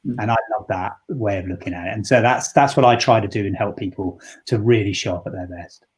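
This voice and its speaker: Husky coach, earnest and reflective. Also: male voice, lowish voice, fairly quick. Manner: earnest and reflective, with many restarts. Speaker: leadership coach. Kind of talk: interview answer.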